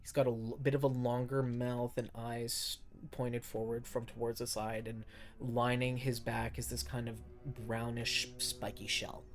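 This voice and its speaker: Relaxed man narrating a tabletop game. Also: medium pitch, soft background music. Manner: relaxed, halting, with many fillers. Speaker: dungeon master.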